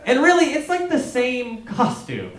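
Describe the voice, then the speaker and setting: A man's voice: very high voice, huge pitch swings, a little slow. A man doing a stand-up comedy set in a small theater, talking to the crowd and asking them questions. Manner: conversational, asks the crowd questions. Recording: roomy live theater recording with crowd. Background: audience laughing.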